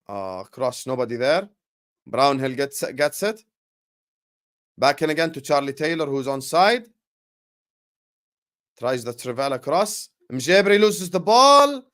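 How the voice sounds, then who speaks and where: A young man hosting a live football watchalong, chatting with viewers and calling the play with slangy, excitable banter. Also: fairly high pitch, slow, long pauses, clean tone. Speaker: watchalong streamer.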